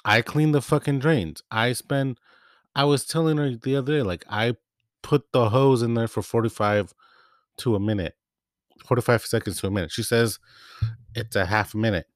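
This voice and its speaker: A man's voice: medium pitch, fairly quick, dry recording, studio quality. A young man venting about work in a casual rant, swearing and retelling back-and-forth exchanges. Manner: profane, heated, retells quoted exchanges. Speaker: part-time bakery packager.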